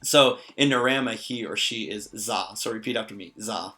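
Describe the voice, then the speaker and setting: A man's voice: fairly low pitch, moderate pace, sharp tone, faint music behind. A man teaching vocabulary in a casual spoken lesson, patient and careful, explaining step by step and adding small jokes. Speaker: language teacher.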